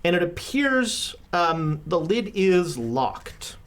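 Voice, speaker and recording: A woman running a tabletop horror game as game master, narrating with many pauses and restarts. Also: fairly low pitch, big pitch swings. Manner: halting, with many fillers and restarts.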